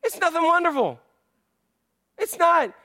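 A high-voiced man preaching in a church, lively and playful, leaning on repetition and questions to the congregation. His voice runs from soft and low to loud, bright bursts. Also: measured pace. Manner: animated, playful, repeats phrases. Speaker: pastor. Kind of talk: sermon.

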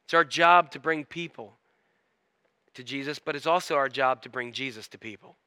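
A man preaching a sermon as pastor, swinging from loud emphatic peaks to quiet low asides. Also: moderate pace, smooth, no room sound, studio quality.

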